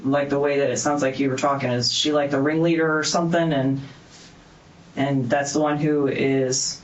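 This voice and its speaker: A man's voice: mid-range voice, steady tone, moderate pace, reverberant, highs cut off, a little hiss or hum. A man questioning a suspect, pressing him with probing questions and hesitant fillers. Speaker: police detective. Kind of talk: interrogation questioning.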